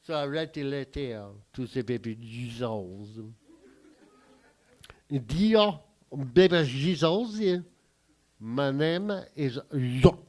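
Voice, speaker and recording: A man voicing an aggrieved French man recalling his boyhood, with a put-on French accent and deadpan, indignant delivery in a standup bit. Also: medium pitch, slow. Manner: indignant, deadpan storytelling with profane punchlines.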